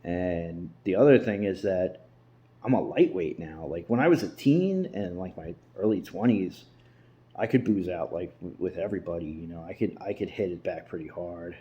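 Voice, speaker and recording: Low-voiced man rambling in an empty house. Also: animated, normal speed, warm tone, muffled recording. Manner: profane, loose, rambling with restarts. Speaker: vlogger. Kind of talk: casual rambling monologue. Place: emptied house, indoors.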